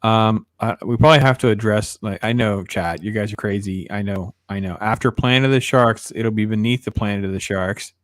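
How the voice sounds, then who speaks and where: A man's voice: fairly low pitch, a little fast, few pauses, no room sound, clean studio sound. A man hosting a casual movie review chat, laughing and incredulous. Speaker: podcast host.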